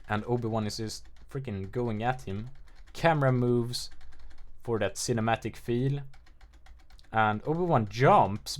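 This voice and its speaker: A man giving loose, offhand commentary on a game trailer, rambling with lots of filler words and self-mocking asides. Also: medium pitch. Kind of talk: casual video commentary.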